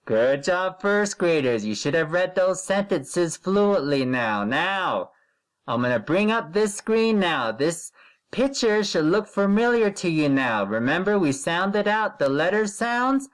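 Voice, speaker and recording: A man leads a recorded reading lesson for first graders from his computer. He speaks at an unhurried pace with a lively, swinging intonation. He repeats every direction and stretches each word when he reads a sentence aloud for the children to copy. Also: high voice. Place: recording at a computer while sharing the screen.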